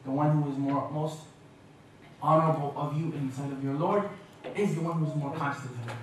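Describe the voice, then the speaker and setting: Male guest lecturer from Canada, lively and humorous, slightly high voice, recorded from a distance in a large echoey hall. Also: brisk, a little hiss or hum. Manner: lively, humorous, mimics accents. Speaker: guest speaker. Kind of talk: lecture with jokes.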